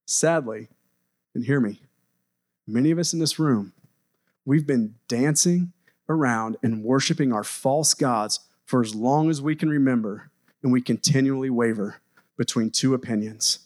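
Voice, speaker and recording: A male pastor preaching a sermon, urging his listeners and dropping his voice low for emphasis. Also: unhurried, darkish tone. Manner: exhorting, rising and dropping for emphasis.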